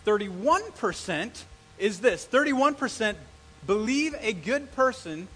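A middle-aged male pastor preaching a sermon, telling stories and acting out the quotes with lively energy. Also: sits high, slow, slightly rough, low-quality recording. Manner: animated storytelling with acted-out quotes.

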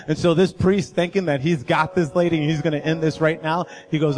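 A man delivering a sermon to a congregation, his voice sitting a touch high for a man. He tells a story with building intensity and makes urgent, direct appeals. Soft worship music plays underneath. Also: fast, few pauses. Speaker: guest speaker. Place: church sanctuary.

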